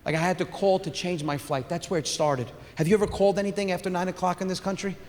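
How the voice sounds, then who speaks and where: Brash high-voiced stand-up comic. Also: male voice, fairly even intonation, fast, a little mellow. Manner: brash, profane storytelling. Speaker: stand-up comedian. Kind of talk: stand-up routine. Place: comedy stage. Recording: echoey hall, faint ambience.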